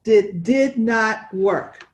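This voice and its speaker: Woman co-host, unhurried, rambling friendly stitch talk. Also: fairly high pitch, low-quality recording. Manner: chatty, wandering, with restarts and laughs. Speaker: cross-stitch podcast co-host. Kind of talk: casual chat showing stitching.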